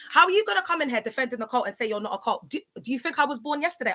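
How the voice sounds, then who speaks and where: A woman's voice: high voice, animated, very fast, few pauses, bright, forceful tone. A woman, chatting bluntly and casually on a livestream, repeating herself and calling out to viewers by name.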